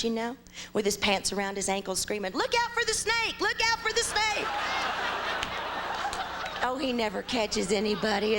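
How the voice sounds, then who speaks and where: A young adult woman from Ohio performing a stand-up comedy set with animated, exaggerated storytelling on a live stage. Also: medium pitch, slight background noise.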